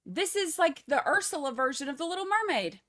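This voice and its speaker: A woman's voice: high voice, very animated, a little fast, fairly bright tone. A woman with a Texas accent giving casual, joking live-stream commentary on a trial and talking to her viewers. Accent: Texan. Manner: chatty, joking asides to viewers.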